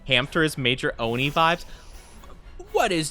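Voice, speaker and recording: Bright-voiced man chatting on a game stream. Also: fairly high pitch, big pitch swings, a little slow, soft background music. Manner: rambling and chatty, with lots of fillers. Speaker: livestreamer. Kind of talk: casual chat with viewers while playing a game.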